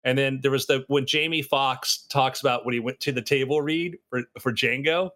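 Male writer, casual podcast talk, rambling and animated, average pitch. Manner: rambling, animated, does quick impressions.

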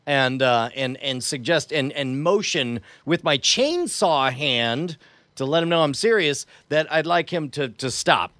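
A man's voice: on the high side, lively intonation, unhurried, bright, forceful tone, no room sound. A man playing a comedic tabletop game, rambling and hesitant, slipping into playful in-character bits. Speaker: player. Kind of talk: comedic tabletop role-play.

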